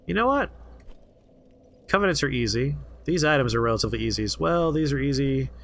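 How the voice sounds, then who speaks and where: Guy streaming a game, bright voice, pitch bouncing all over, faint room hum behind. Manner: amused, reading out odd item text. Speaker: let's play streamer. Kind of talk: casual gameplay commentary.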